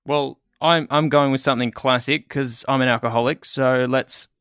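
A man's voice: mid-range voice, fairly even intonation, normal speed, fairly bright tone, smooth, no echo, studio quality. A man, a guest on a comedy game show, laid-back and wry.

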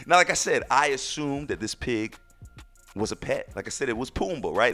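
A male podcast host with a somewhat high, bright voice tells a funny story in a casual, animated way. His pitch swings widely as he exclaims. Faint music plays behind him. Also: brisk.

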